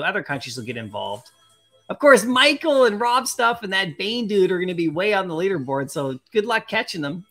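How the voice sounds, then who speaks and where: A live-stream host opening collectible packs, chatting casually and excitedly with viewers and laughing often. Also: medium pitch. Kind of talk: casual live-stream chat, reading viewer comments aloud.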